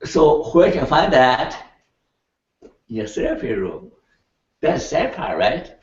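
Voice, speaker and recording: An older man lecturing a class in an animated way, laughing and checking in with his students as he goes. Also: fairly high pitch, measured pace. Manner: animated, laughing, keeps asking the class "right?". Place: lecture room. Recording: echoey, distant, dull room recording.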